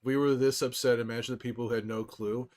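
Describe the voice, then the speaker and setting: A man livestreaming casually to his viewers, rambling excitedly with frequent restarts and laughs. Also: mid-range voice, quick pace. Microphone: desktop microphone.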